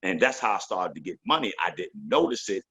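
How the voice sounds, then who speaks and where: Husky-voiced man telling profane stories. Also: sits low, very animated, a little fast, a bit bright. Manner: profane, loose storytelling with voiced quotes. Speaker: guest, veteran MC. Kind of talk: casual interview storytelling.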